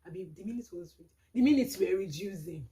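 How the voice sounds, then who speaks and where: A young Nigerian woman vlogger speaks with a Nigerian accent in a medium-pitched, brisk voice. She tells a dramatic storytime, retelling events in an animated way full of exclamations.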